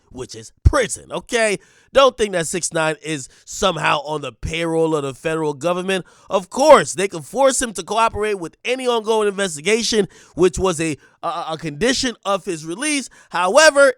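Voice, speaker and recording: A man's voice: high-pitched, a bit bright, dry recording, clean studio sound. A man hosting a commentary show, talking bluntly and emphatically straight to his viewers. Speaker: commentary host. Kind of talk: casual commentary monologue.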